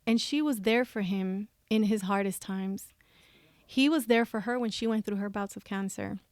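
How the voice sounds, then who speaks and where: A woman's voice: mid-range voice, normal speed, no room sound. A woman guest on a podcast, talking candidly and animatedly, often laughing and acting out what she and others said. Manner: animated, laughs often, acts out her own quoted thoughts. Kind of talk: candid conversational storytelling.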